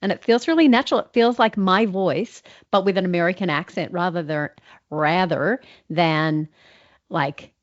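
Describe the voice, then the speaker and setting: A woman's voice: on the low side, normal speed. A woman host and voiceover artist chatting casually and reflectively about practising an accent. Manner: chatty, reflective, lots of fillers and restarts. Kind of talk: casual chat. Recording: slightly dull lo-fi recording.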